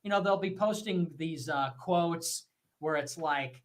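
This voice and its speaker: A man delivering a fast, profane, scornful rant as a livestream commentator, with mocking laughs. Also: a little high. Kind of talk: ranting monologue.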